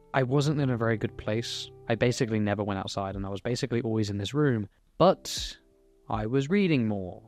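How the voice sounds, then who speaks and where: A man's voice: fairly low pitch, darkish tone. A young man, speaking candidly and earnestly in a personal motivational monologue, swearing now and then. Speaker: YouTuber.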